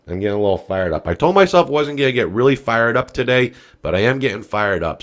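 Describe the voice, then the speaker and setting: A man hosting a political podcast, talking in a profane ranting style that swings from quiet muttering to loud shouting. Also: medium pitch, big pitch swings, fast talker, hardly any pauses. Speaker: podcast host. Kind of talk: political commentary rant.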